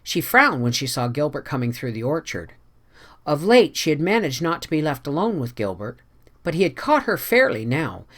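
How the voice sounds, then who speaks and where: Expressive audiobook narrator, lively pitch. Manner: expressive, measured reading. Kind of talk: scripted narration.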